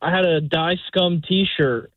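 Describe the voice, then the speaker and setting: A man calls a radio show and tells a story in a relaxed way. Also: on the high side, takes it slowly, no room sound. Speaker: caller. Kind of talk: casual phone call. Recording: dry tinny phone line.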